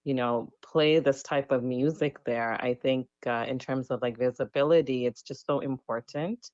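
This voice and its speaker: A woman from Canada, a DJ and musician guest, speaking reflectively on a radio interview with many pauses and fillers. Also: rumbling low, steady tone, darkish tone, no echo, highs cut off.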